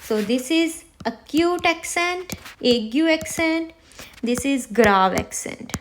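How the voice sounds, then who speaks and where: Slow, patient woman teaching beginners. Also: high voice, animated, a little hiss or hum. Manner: slow, repeats words for students to hear. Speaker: French teacher. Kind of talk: beginner language lesson.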